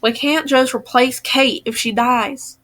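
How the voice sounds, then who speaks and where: A woman's voice: high voice, steady tone, unhurried, a bit bright. A woman reading an audiobook voices a worried father who speaks in clipped lines. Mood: tense. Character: strained adult father, worried and curt.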